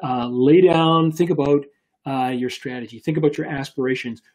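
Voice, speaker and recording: A man in his fifties, a business coach hosting a live show, telling a story in a chatty, animated way with many fillers and restarts. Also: mid-range voice, moderate pace.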